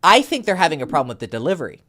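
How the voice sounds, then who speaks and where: A man's voice: a little high, rapid-fire. A man working as a dating coach, giving blunt, profane advice on a casual call. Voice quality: animated, swings between loud and soft, profane.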